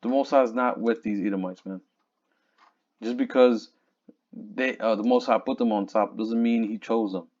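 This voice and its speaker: Low-voiced man teaching scripture casually. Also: fairly even intonation, a little mellow. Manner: casual, reads verses slowly, looks up words aloud. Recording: dull lo-fi recording.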